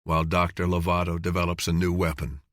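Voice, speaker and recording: A man voicing a tough male master sergeant who speaks in an earnest, measured, restrained way. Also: sits low, completely flat delivery, a bit bright, no echo, clean studio sound.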